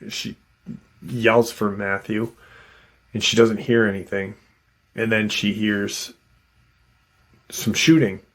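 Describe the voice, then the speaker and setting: A man narrates a tense story in an easygoing, unscripted way, leaning on "um" and "you know" as he goes. His voice sits on the low side, and he takes his time, letting the words come out slowly. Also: a bit bright. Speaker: channel host retelling an encounter.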